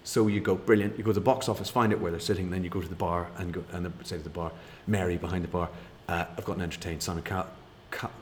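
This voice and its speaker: A man's voice: sits low, little pitch movement, quick pace, few pauses, slight background noise. A middle-aged man, telling rambling, chatty anecdotes as a guest and laughing at his own tales. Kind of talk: casual anecdote.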